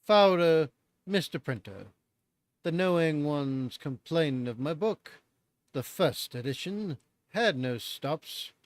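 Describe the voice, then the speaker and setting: A man's voice: fairly high pitch, animated, slow, no echo. A man putting on a put-on British accent to play a pompous old-time British male writer, reading in a stiff, mock-formal way.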